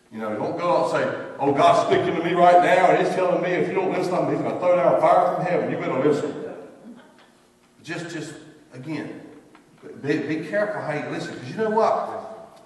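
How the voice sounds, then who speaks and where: A man preaching a sermon as pastor, telling folksy stories and acting out what people say. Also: on the high side. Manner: folksy storytelling, acts out quoted voices. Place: church sanctuary. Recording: distant echoey church hall recording.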